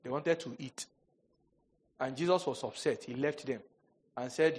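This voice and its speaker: Husky-voiced pastor preaching. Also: male voice, medium pitch, unhurried, long pauses. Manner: animated storytelling, jokes and mock quotes. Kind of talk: sermon.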